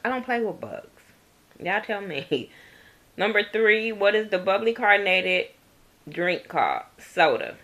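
A woman's voice: lowish voice, a bit bright. A woman from Compton, California, chatting bluntly and jokingly to the camera at home, swearing freely and laughing often. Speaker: vlogger. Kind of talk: casual chat to camera. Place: at home, indoors. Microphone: camera in front of her.

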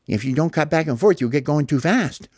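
A man's voice: on the high side, lively intonation, a little fast, darkish tone, no echo, studio quality. A man, a father improvising a story for a child, explaining patiently.

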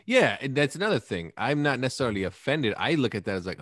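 A man's voice: mid-range voice, lively intonation, fast, hardly any pauses, fairly bright tone, dry recording, clean studio sound. A man in his thirties hosting a podcast, talking in a blunt, rambling, profane way. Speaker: podcast host. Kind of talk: casual podcast chat.

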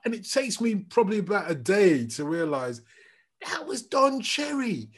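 A man, a podcast co-host chatting casually and telling lively anecdotes. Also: high-pitched, normal speed, husky. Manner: animated anecdotal storyteller, restarts sentences. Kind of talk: casual chat.

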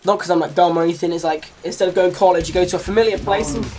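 Racing through the commentary, a late-teen gaming channel host with an English accent rambles and chats over gameplay with giggly asides. The voice is medium-pitched and darkish, with fairly even intonation, and soft music plays underneath.

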